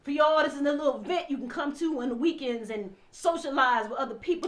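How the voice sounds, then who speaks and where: A woman telling her own painful story through tears, impassioned, dropping to a hush and then rising to forceful outbursts. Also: high voice, fast, hardly any pauses. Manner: impassioned, swinging from hushed to loud and forceful. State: crying. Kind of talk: emotional personal testimony.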